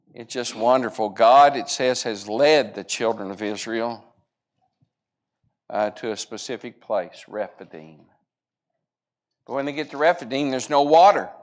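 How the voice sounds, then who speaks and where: Man, Bible class teacher; earnest, conversational, acts out quoted lines as he retells scripture. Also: on the high side. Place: church classroom.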